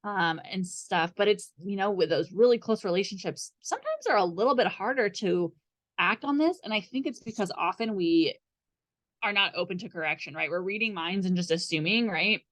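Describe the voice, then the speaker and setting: A woman's voice: medium pitch, expressive, a little fast, a bit bright. A young woman, a therapist, teaching a group in a casual, chatty way, often checking in with "right?". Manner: chatty, many fillers and "right?" tags.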